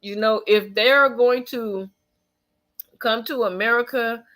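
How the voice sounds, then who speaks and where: A tired vlogger who keeps yawning offers pointed commentary on news stories, reading a passage aloud and then pausing to react with strong opinions. The voice is medium-pitched, steady, slow, and sharp, and the delivery is emphatic and loose with plenty of fillers and restarts.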